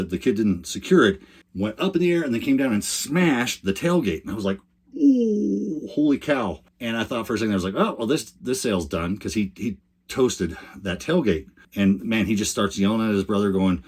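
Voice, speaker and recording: An older man chatting casually to camera, telling a rambling story with many restarts. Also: on the low side. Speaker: RV lifestyle vlogger.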